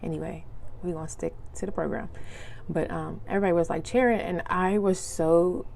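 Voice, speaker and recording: Chatty young woman telling stories, slightly low. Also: steady tone, a little fast, creaky, a little mellow. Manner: chatty storyteller, acts out quotes, laughs often; loose slangy casual speech. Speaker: podcast host. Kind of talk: casual solo podcast monologue.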